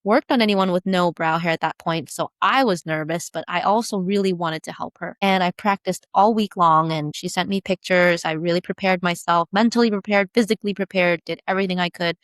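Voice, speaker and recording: A woman guest, a brow tattoo business founder, telling her personal story in an interview in emphatic, animated bursts. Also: on the low side, a little fast, hardly any pauses, no room sound, clean studio sound.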